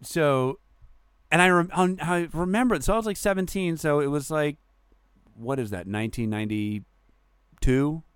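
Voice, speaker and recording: A man, chatting as a podcast co-host, telling animated stories, swearing freely and acting out what people said. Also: fairly high pitch, a little slow, pauses often, clean tone, no room sound. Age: 40s. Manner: animated storyteller, swears freely, acts out quotes. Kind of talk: casual chat.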